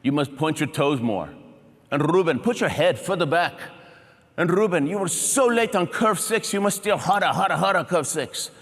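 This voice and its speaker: A man's voice: a little high, lively intonation, normal speed, fairly bright tone. A speaker impersonating his stern sled coach, who gives clipped, insistent commands in an echoing hall. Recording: reverberant hall sound.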